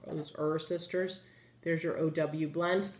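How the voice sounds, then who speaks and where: A woman's voice: deep voice, steady tone, slow pace, a little mellow. A woman teaching a children's phonics lesson, patient and encouraging, asking the class questions as she writes on the board. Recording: echoey room.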